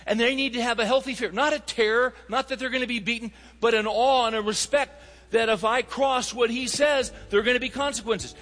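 A man's voice: very high-pitched, fairly even intonation, brisk, fairly bright tone, long reverb tail. A man preaching a sermon, telling stories and rising to emphatic appeals to his listeners. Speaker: pastor.

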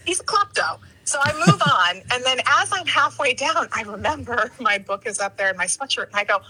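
A woman telling a story in casual chat, animated and acting out the quoted lines in lively voices. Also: high voice, a little fast, hardly any pauses, slight background noise, low-quality recording.

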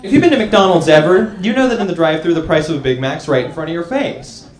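A young man doing an animated stand-up comedy set on a club stage, acting out characters in funny voices. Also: a little high, fast. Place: comedy club stage before a live audience. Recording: roomy live club with audience.

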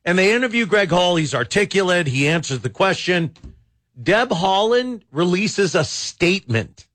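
A man's voice: sits high, sing-song, moderate pace, fairly bright tone. A man hosting a talk radio show, rambling and exasperated, with many false starts. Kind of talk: casual talk radio commentary.

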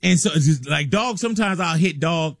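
Animated storytelling male radio host. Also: on the high side, brisk, creaky. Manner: lively storyteller, laughs often. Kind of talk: casual radio chat, storytelling. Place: radio studio.

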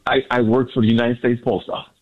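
A man calling a sports radio show, excited and boastful, repeating his points. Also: mid-range voice, fast, crowd noise. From Miami area. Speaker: caller. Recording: phone line.

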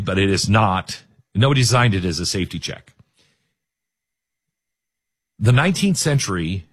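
Middle-aged male host, husky, swings his pitch around a lot, jokes as he tells a story. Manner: animated, jokey asides. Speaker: radio talk show host. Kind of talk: storytelling monologue.

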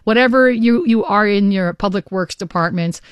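A middle-aged woman hosting a radio car show, talking in a chatty, energetic, caffeinated way into a studio mic. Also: medium pitch, normal speed, smooth, no room sound, lo-fi sound. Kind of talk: upbeat radio talk. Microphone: studio microphone.

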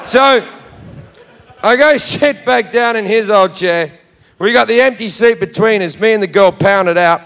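A man's voice: high voice, a little slow, creaky, fairly bright tone, clear, resonant tone. Brash Australian man doing stand-up. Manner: profane, brash, swears constantly. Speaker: stand-up comedian. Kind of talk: stand-up storytelling. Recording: live venue with hall reverb and audience.

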